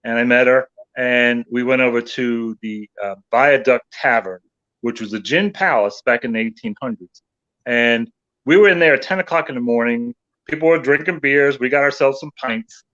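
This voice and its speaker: A male paranormal investigator telling animated anecdotes in casual chat. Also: medium pitch, normal speed, muffled recording. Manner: animated anecdote teller, voices others in quotes.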